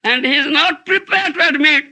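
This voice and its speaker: A man's voice: very high-pitched, normal speed, bright, forceful tone. An older man giving a spiritual lecture. He keeps asking his listeners "isn't it?" and "huh?", and he acts out little dialogues in a raised voice. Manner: rhetorical, asks "isn't it?" and "huh?" often. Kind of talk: sermon.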